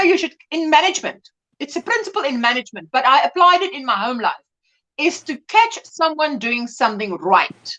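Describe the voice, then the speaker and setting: A middle-aged woman hosts a relaxed livestream chat with a high, bright voice. She rambles in a friendly way and keeps breaking off and restarting her sentences. Her tone stays easy and conversational as she talks to her viewers. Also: low-quality recording. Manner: chatty, reads viewer comments aloud, rambling restarts. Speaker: livestream host. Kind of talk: casual chat.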